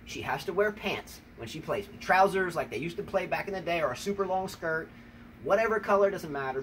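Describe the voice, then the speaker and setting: American guy teasing his wife, high animated voice, mic kinda far off, faint background hiss. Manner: teasing, rambling, repeats "number one, okay?". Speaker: tennis show host. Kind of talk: playful trash talk to his wife. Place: outdoors on a rainy day. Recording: distant mic with faint ambient noise.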